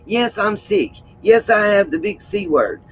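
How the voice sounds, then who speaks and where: A woman hosting a livestream, hoarse and frustrated, who keeps repeating her points with emphasis. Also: medium pitch, animated, unhurried, a little hiss or hum, poor audio. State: hoarse from hollering. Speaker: livestream host. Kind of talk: casual livestream talk.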